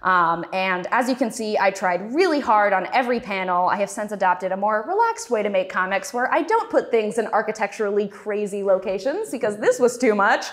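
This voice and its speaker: A woman's voice: mid-range voice, animated, a little fast, few pauses. Woman, 20s, speaker at a festival talk; casual, self-deprecating, lots of ums. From Texas. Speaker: cartoonist guest speaker. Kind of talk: festival talk, personal storytelling.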